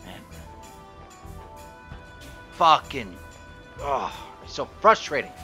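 Bright, lively man cursing at a game. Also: on the high side, takes it slowly, long pauses, faint music behind. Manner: frustrated, cursing, talking to game objects. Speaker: gaming YouTuber. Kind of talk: gameplay commentary.

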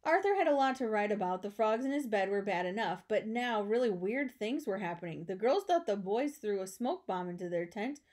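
A woman teacher reading a children's storybook aloud, expressive with chatty asides. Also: mid-range voice, brisk, few pauses.

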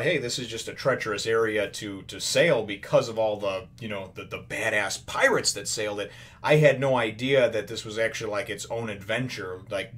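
A man hosting his own comic review show, talking through the chapter in a loose, rambling way. His voice sits at an ordinary middle pitch, and he fills it with "uh" and "you know" and doubles back on himself often. He tosses in quick paraphrases of what the characters say without really acting them out. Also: fairly bright tone. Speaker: manga review host. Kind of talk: casual chapter recap.

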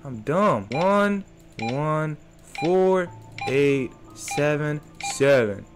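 Slow-talking young man streamer, slangy. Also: fairly high pitch, lively intonation. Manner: slangy, jokey, talks to game characters. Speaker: gaming streamer. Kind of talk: let's play commentary. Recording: faint game music behind.

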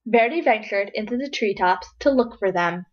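A woman's voice: medium pitch, animated, moderate pace, slight background noise. Woman reading a children's storybook aloud. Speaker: storybook reader. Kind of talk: children's picture-book read-aloud. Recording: dull lo-fi recording.

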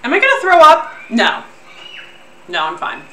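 A woman streamer chatting casually to her viewers, loudly exclaiming and laughing while suffering through a spoonful of wasabi. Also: high voice, huge pitch swings, moderate pace, roomy sound, far from the mic, slight background noise. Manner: exclaiming and laughing, talks to chat. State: sniffly and pained from wasabi. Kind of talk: casual live-stream chat. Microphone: desk mic, sometimes clipping.

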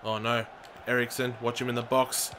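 A man commentating his own football video game, excitable and shouting at the players and the referee. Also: mid-range voice, moderate pace, slight background noise. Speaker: gaming channel host.

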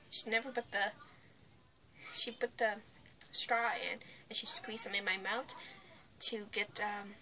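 A woman's voice: on the high side, a little hiss or hum. A young woman vlogger casually telling a personal story to the camera, blunt, often dropping to a whisper. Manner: blunt, retelling with swings in loudness.

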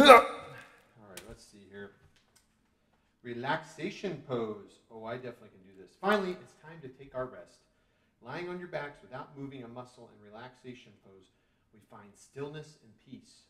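This dad's medium-pitched voice has lively intonation, a sharp tone, and a moderate pace as he reads children a storybook. Attempting every pose, he's goofy, groaning and joking through the playful exercise storytime. A distant mic picks up roomy echo, leaving him a bit off-mic.

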